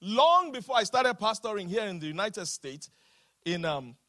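A man preaching a sermon, calling for the congregation to repeat lines and slowing down to stress his words. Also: sits high, big pitch swings, bright, forceful tone, no room sound, studio quality. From Nigeria. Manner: emphatic preaching with call-and-response, slows down to stress lines. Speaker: pastor.

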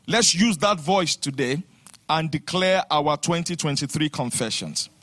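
A man's voice: fairly high pitch, expressive, unhurried, fairly bright tone. A man with a Nigerian accent preaching a fervent sermon and leading the congregation in spoken declarations. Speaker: pastor.

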